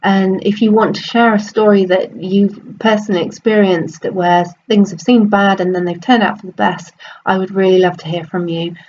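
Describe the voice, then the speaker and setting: An upbeat woman telling a story in a casual, chatty way, with ums and restarts along the way. Her voice sits at a middle pitch. The recording is slightly dull, with a faint hiss of noise behind her. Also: fairly even intonation, normal speed, a little mellow. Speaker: storyteller and host.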